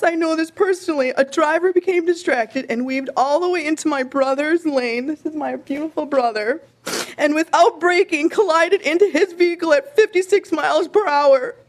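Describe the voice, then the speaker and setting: A woman giving emotional, impassioned testimony at a legislative hearing from a desk microphone, her voice breaking at times. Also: sits high. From Minnesota.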